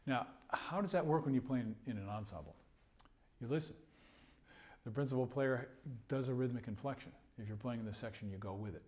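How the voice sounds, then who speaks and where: During a trumpet lesson, a man with an ordinary-pitched, slightly mellow voice explains things patiently at a somewhat fast clip. He sings rhythms on nonsense syllables and chuckles between points.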